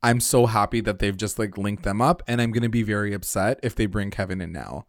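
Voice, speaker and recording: Guy recapping a tv show, animated, jumps high doing characters, dry close sound. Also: a little fast, no room sound. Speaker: podcast co-host recapping a TV episode. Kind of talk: casual chat.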